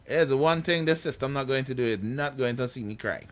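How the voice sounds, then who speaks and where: A man's voice: mid-range voice, fairly quick. A man with a Trinidadian accent, hosting a radio show in playful casual banter, often restarting his words. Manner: playful, stammering restarts, dialect speech. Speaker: radio host.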